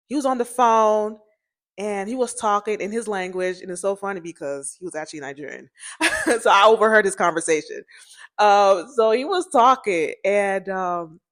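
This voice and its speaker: With a fairly high-pitched voice, a woman vlogger tells her audience a personal story in a lively, talkative way, often addressing them directly.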